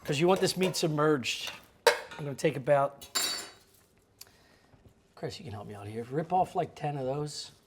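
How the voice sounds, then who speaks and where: A man's voice: fairly high pitch, moderate pace, pauses often, very noisy. A man hosting a cooking show, explaining each step in a casual, crude, joking way from a kitchen.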